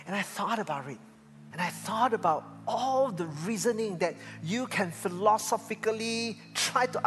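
An older man, a pastor, preaching a sermon and telling stories, swinging from loud to hushed. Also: high voice. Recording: reverberant church hall with faint music.

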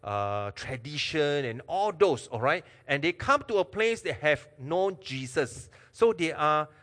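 A man preaching a sermon to a congregation, animated, asking them questions and joking. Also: fairly high pitch, a little slow. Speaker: pastor. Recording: long hall reverb.

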